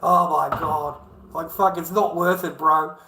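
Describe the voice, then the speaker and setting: A man's voice: on the high side, steady tone, measured pace, gravelly, pushed and bright, roomy sound. An Australian man in a crude, profane, rambling livestream rant, swearing constantly.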